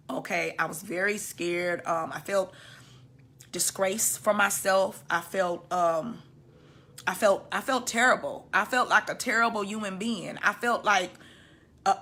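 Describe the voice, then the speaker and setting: Woman in her fifties, bright voice, emotional, halting, soft and low at times, personal testimony. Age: 50s. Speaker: women's healing teacher sharing her story.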